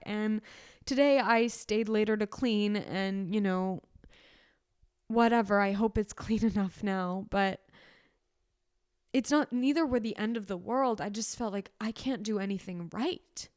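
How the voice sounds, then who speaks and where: Young woman, podcast co-host, smooth voice, close dry mic, rambling heartfelt chat. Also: mid-range voice, steady tone, normal speed, darkish tone, dry recording. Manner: rambling, self-correcting, emotional storytelling. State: sick. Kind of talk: casual chat.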